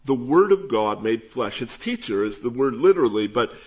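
A man preaching, teaching verse by verse through a Bible passage at an unhurried pace. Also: mid-range voice, big pitch swings, darkish tone. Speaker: pastor. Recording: dull lo-fi sound.

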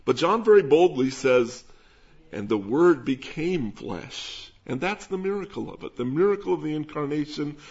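A man preaching, teaching verse by verse through a Bible passage at an unhurried pace. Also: mid-range voice, gravelly, a little mellow. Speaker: pastor. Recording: dull lo-fi sound.

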